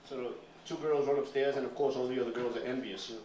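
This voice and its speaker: An older man with a Nuyorican accent spins a live story in a loose, animated, cussing way. His voice sits at an ordinary pitch and carries the roomy ring of a small stage, picked up from some distance with faint room ambience behind. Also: quick pace, few pauses, slight background noise. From Puerto Rican New York. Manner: animated, profane, conversational. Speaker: spoken word performer. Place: stage at a small performance café.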